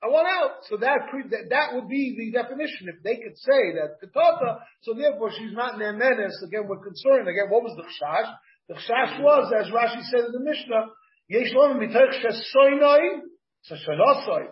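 A man teaching a Talmud class in an animated way. He repeats words often and mixes Hebrew and Yiddish terms into English. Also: very high voice, normal speed. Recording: dull lo-fi class recording.

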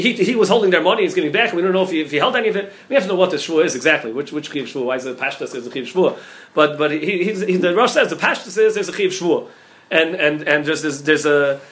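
A man, a rabbi, giving a Talmud class, talking quickly with many restarts and repeated words. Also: sits high, fairly bright tone. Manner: rapid, repeats words and restarts, mixes Hebrew and Yiddish terms into English. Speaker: rabbi teaching a daily Talmud page.

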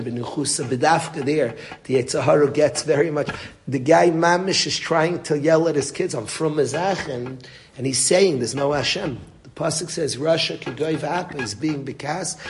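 A man's voice: fairly high pitch, a little hiss or hum. A man giving a Torah lecture to a group, speaking earnestly and mixing Hebrew and Yiddish words into his English. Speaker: rabbi teaching a Torah class.

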